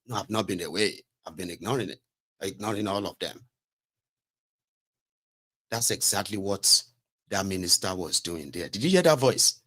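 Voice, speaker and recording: A Nigerian man giving casual, sarcastic political commentary in a rambling, animated way. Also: on the low side, moderate pace, long pauses.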